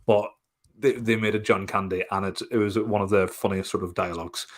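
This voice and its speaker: A man co-hosting a film podcast in casual chat, animated, laughing often and swearing casually. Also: on the low side, fairly quick. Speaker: podcast co-host.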